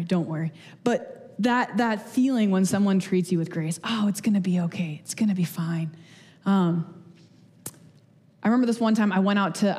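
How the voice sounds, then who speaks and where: Young woman preacher, chatty and self-deprecating, mellow low tone, echoing church hall. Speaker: speaker giving a church message. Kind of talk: casual conversational sermon. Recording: long hall reverb.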